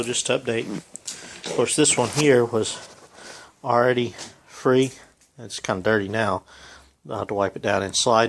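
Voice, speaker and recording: A man's voice: medium pitch, a little hiss or hum. A man, rambling in a folksy way with lots of ums while he films a repair in his home garage. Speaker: home mechanic filming a repair. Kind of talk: casual how-to vlog.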